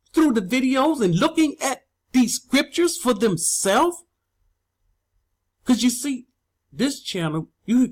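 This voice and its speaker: A man's voice: extremely high pitch, husky. A man preaching to his online channel audience, emphatic and scolding, repeating his points.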